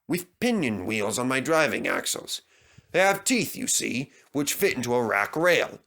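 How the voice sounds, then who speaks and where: A man playing a humble old mountain engine recounting his past. He speaks unhurriedly with a bright, rising and falling pitch. A storybook voice. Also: very animated, unhurried, gravelly, full character voice. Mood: kindly. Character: old male mountain engine, modest and kindly.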